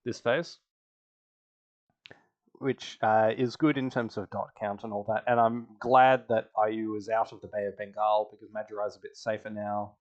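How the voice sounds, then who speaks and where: A man's voice: fairly low pitch, level tone, moderate pace, muffled recording. A man casually recapping an online strategy game, laughing often and acting out the other players' lines. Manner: chatty, laughs often, acts out quoted players. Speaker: podcast host.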